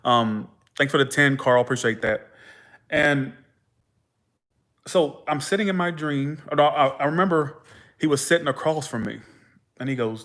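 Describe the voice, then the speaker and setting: A man's voice: on the high side, fairly quick. A young man hosting a livestream, telling his stories casually with swearing and acting out the people in them. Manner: animated, profane, acts out dialogue in his stories. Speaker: tarot livestream host.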